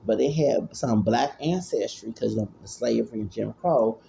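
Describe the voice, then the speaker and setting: Gravelly man in his forties. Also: mid-range voice, normal speed, dark tone, a little hiss or hum. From Houston, Texas. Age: 40s. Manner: rambling, repeats himself, stammers. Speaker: vlogger. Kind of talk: casual commentary.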